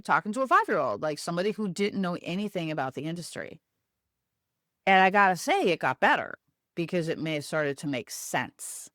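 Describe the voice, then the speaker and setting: Female host, frank storyteller, casual and blunt, animated delivery. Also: fairly low pitch, clear, resonant tone, dry recording, studio quality. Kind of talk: personal storytelling talk.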